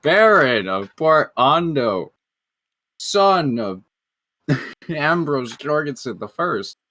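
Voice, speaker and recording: A man takes part in a tabletop game, speaking slowly and drawing out his words. In character he sounds a little pompous. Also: on the high side, big pitch swings, pushed and bright. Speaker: player. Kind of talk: casual tabletop role-play.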